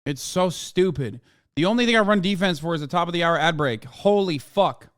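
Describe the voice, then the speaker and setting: A man's voice: a little high, animated, a little fast. A man, giving profane, sarcastic live-stream commentary while reacting to a video. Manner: profane, sarcastic, swings loud when mocking.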